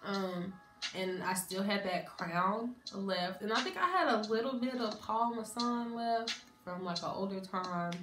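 A woman's voice: mid-range voice, expressive, a little slow, reverberant, over music. Candid young woman telling a storytime. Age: young adult. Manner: candid, conversational, acts out family dialogue. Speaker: college student vlogger. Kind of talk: casual storytime.

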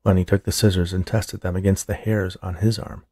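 A man reading a horror story aloud as narrator, steady and measured, with a husky, creaky voice. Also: low voice, no echo, studio quality. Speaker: audiobook narrator.

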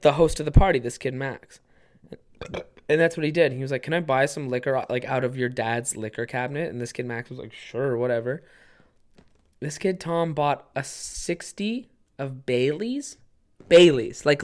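A young man hosting a podcast, telling a casual, rambling story from home with lots of swearing and self-mocking asides. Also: a little high. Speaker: podcast host.

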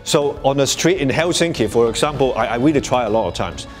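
A man's voice: medium pitch, lively intonation, a little fast, faint music behind. A man presenting at a live workshop to an audience, speaking conversationally with many restarts and "you know"s, and chuckling often as he explains. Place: workshop space before an audience.

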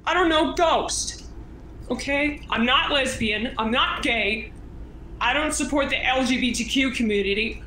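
A woman with a high, bright, edgy voice snaps back at trolls on her stream. Her audio carries a faint background hiss. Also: measured pace. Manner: defensive, snapping back. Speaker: streamer being raided. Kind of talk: angry live stream rant.

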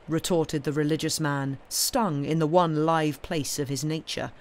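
A woman reading a classic short story aloud in a measured storytelling manner, lifting her voice for the characters' speech. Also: sits low, fairly even intonation, darkish tone. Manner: measured storytelling, voicing characters' lines with raised, livelier delivery. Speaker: audiobook reader. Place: home streaming setup.

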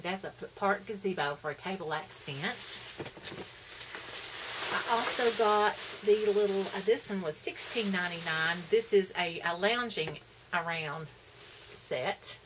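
A woman's voice: on the low side, moderate pace. Lady rambling on about her haul at home, lots of ums, some hiss in the background. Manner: chatty, rambling, many fillers. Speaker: vlogger. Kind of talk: casual shopping haul chat.

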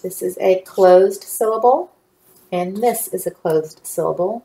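A woman's voice: fairly low pitch, moderate pace, a little mellow. A woman teacher giving a phonics lesson to young children, guiding them patiently step by step. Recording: echoey room.

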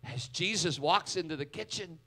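A male pastor preaching a sermon in a church, dramatic, swinging from loud to hushed. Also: on the high side, moderate pace.

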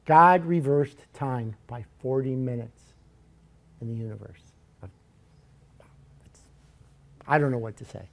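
A man preaching a sermon in a church, telling Bible stories in a lively, joking way. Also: mid-range voice, measured pace, pauses often.

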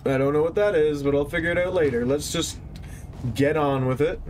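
A man's voice: on the high side, fairly quick, darkish tone, slight background noise. A man casually commenting while playing a game, joking, laughing often and swearing freely. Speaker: let's play host.

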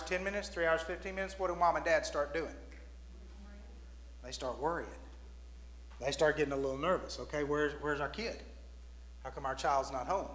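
A man with a high, fairly bright voice preaches a sermon as pastor, storytelling and acting out the quoted voices of the people involved. It's recorded in a church sanctuary with long reverb.

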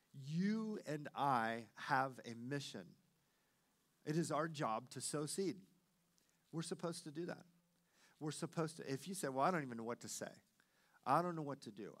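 Male pastor, sermon delivery, lively storyteller who acts out every quoted voice. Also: mid-range voice.

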